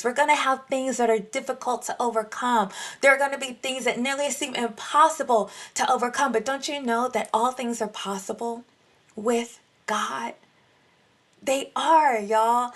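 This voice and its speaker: A woman delivers a devotional talk, preaching with lively emphasis and speaking straight to her listeners. Her voice sits a little higher than most women's. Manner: animated preaching, addresses listeners as y'all. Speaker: Christian podcast host. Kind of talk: devotional teaching.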